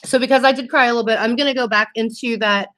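A young woman hosting a casual makeup livestream, reading viewer comments aloud and talking in a warm, teary, laughing way. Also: a little high, steady tone, fast talker. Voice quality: emotional, teary and laughing, says y'all.

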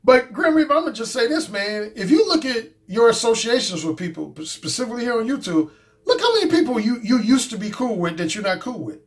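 Hosting his own channel, a dating coach and YouTuber speaks briskly in a very high-pitched voice with big pitch swings. His casual commentary is blunt and profane, and he repeats his points.

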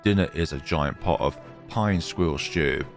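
A man's voice: very deep voice, normal speed, faint music behind. A man hosting a let's play, reading a horror visual novel aloud and breaking off for joking asides. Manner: lively, jumping between reading and joking asides. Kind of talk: dramatic story reading with asides.

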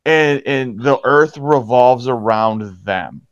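A man's voice: slow pace, clear, resonant tone, no room sound. A man who works as a hockey referee, chatting casually in an interview and acting out quotes from players with big jumps in his voice. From Pittsburgh area, USA. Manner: animated storyteller, acts out quotes with jumps in pitch. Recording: dry, slightly dull podcast audio.

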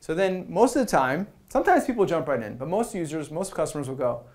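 A man's voice: fairly high pitch, sing-song, brisk, few pauses, darkish tone. A man giving a conversational talk at a product meetup, often acting out short exchanges with users and checking in with "right?". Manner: conversational, acts out user dialogues, frequent "right?". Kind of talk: conference talk. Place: meetup venue.

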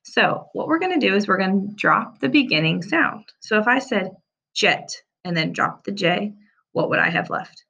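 Woman, teacher, children's reading lesson, animated pitch, bright tone. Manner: slow, clear, sounding out words with animated pitch.

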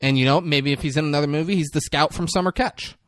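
A man with a somewhat high voice recaps a film in loose, profane podcast chat. He keeps breaking into quick impressions of the characters. The sound is close and dry, with no room around it. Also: a bit bright, no room sound. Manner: recaps scenes, acting out lines in quick impressions. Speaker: podcast co-host. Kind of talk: casual movie recap chat.

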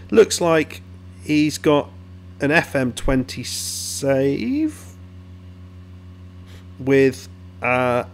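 A man's voice: medium pitch, a little hiss or hum. A man hosting a casual commentary, rambling and interrupting himself as he browses. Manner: rambling, self-interrupting, chatty. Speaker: YouTube host reviewing game blogs.

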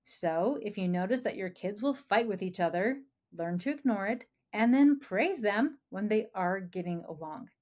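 A woman's voice: mid-range voice, a little mellow. A woman who is a parenting coach giving encouraging podcast advice and speaking straight to the listener as a friend.

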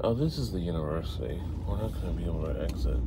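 A middle-aged man chatting on a live stream while driving through city streets, rambling and halting as he reads viewer comments aloud. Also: sits low, animated. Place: inside a car in city streets. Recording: noisy car with road sound behind.

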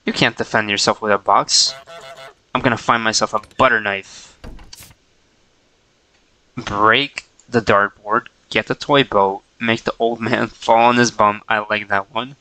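A man's voice: on the low side, steady tone, a little slow, pushed and bright, a little hiss or hum, rough recording. A man casually chatting to himself while streaming a game, playful and chuckling.

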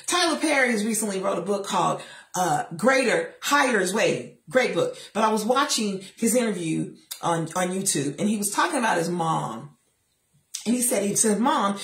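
A middle-aged woman giving a faith-based motivational talk from a chair, emphatic and sassy, with lively asides to her listeners. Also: fairly high pitch, reverberant. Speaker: motivational speaker. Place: seated in a chair.

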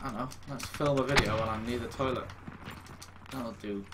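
A young man talks casually over his gameplay. He mocks himself, swears freely and lets out sudden exclamations. Game noise sits clearly behind his voice. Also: medium pitch, steady tone. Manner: self-mocking, swearing, quick to exclaim. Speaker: gaming YouTuber.

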